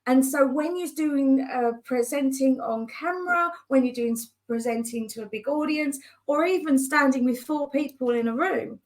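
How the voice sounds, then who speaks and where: Animated, fairly high-voiced woman coach. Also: normal speed, few pauses. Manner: animated, acts out quoted voices. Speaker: business coach guest. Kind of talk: conversational storytelling.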